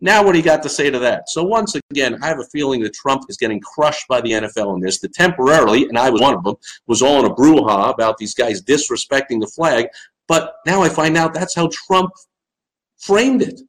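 Animated Long Island man ranting. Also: mid-range voice, a little fast, rough recording. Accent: Long Island New York. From Long Island, New York. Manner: animated, sarcastic, swings into loud mocking asides. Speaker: host of a live-stream show. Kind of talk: live-stream rant and viewer Q&A.

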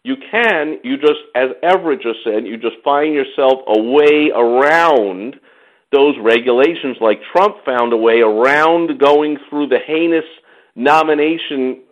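A man hosting a talk show, telling stories in a lively, chatty way and acting out other people's voices when he quotes them. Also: medium pitch, a little slow, muffled recording. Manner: animated storytelling, mimics others in quotes. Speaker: podcast host. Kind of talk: casual chat.

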